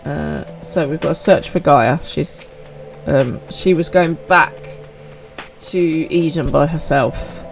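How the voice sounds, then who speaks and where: A woman's voice: deep voice, takes it slowly, gravelly, music in the background. A woman, chatting upbeat with viewers while streaming a game live.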